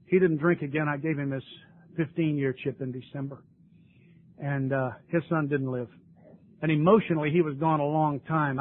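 Speaking at a recovery meeting, an older man tells his story in a fairly high, husky voice. Earnest and emotional, he grows tearful at times, and the tinny lo-fi tape carries faint noise.

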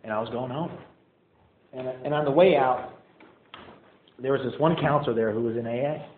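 A man's voice: medium pitch, moderate pace. A man in his twenties telling a personal story casually, candid and rambling, laughing at himself. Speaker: storyteller recounting addiction. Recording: echoey, phone-like, faint noise.

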